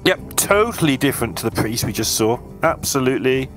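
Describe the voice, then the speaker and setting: A man's voice: mid-range voice, expressive, brisk, a bit bright, soft background music. A man co-casting a card game match live, chatty and analytical. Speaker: esports caster.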